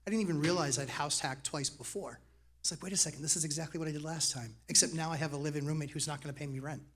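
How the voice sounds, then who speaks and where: Fast-talking joking man. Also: on the high side, fairly bright tone. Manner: fast, joking, punchy asides. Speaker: real estate investor. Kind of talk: casual panel talk.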